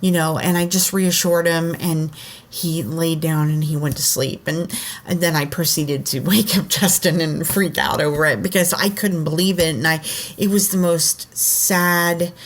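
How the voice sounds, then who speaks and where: A woman with a lowish voice talks through a story in casual podcast chat. She rambles a little and keeps filling her sentences with "like" and "you know.". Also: fairly even intonation, a little slow. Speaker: podcast co-host.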